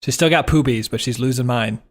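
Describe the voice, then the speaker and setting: A man's voice: medium pitch, a little fast. A man co-hosting a podcast, casually discussing a novel and making wry, blunt remarks. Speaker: podcast co-host.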